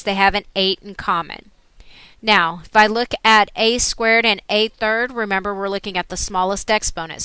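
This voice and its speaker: Bright, clear woman teaching algebra step by step. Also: medium pitch, no room sound. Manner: steady step-by-step explaining. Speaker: math teacher. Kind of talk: recorded screen lesson.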